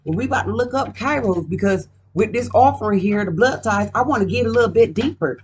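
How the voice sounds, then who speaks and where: A woman's voice: medium pitch, lively intonation, brisk, darkish tone, slight background noise. A woman doing a casual card reading at home, talking in a profane, emphatic, rambling way. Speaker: card reader.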